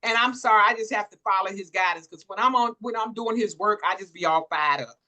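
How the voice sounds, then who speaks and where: A woman's voice: mid-range voice, fast, bright, forceful tone. A woman hosting a virtual workshop, exuberant and preacher-like, hyping the audience with church phrases. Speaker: workshop host. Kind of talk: lively church-inflected hosting. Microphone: virtual workshop call.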